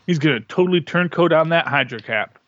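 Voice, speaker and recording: A man's voice: fairly high pitch, animated, brisk, fairly bright tone, no echo. A man co-hosting a podcast, breaking in with jokey remarks and playful put-on voices. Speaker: podcast co-host. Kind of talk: casual chat, comic commentary. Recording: dull dry podcast mic.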